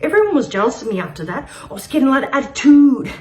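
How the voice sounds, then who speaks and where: A woman with a high voice performs a comic spoken-word piece. She rambles through an absurd story, laughing often. She swings between loud shouted bursts and quiet, muttered asides. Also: very animated, very fast. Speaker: open-mic performer.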